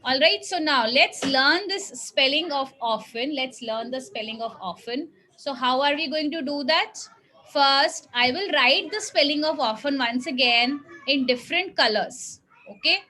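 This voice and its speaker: Slow, high-voiced teacher woman. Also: animated, sharp tone, poor audio. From India. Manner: patient, drawn-out, coaxing teacher talk. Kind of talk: classroom phonics lesson with children.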